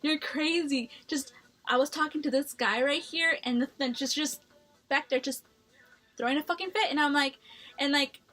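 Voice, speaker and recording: A woman's voice: sits high, moderate pace, a bit bright, soft background music. A young woman chatting through a personal story for her vlog, blunt and full of swearing. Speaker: vlogger.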